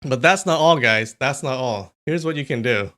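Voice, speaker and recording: A man's voice: medium pitch, moderate pace, sharp tone. Chatty male livestreamer. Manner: chatty, laughs often, thinks aloud. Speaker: streamer. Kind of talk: casual livestream chat.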